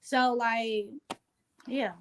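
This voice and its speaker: A woman talking as an interview guest in casual chat, relaxed and streetwise, often asking "you know what I'm saying". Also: fairly high pitch, very slow, a little hiss or hum.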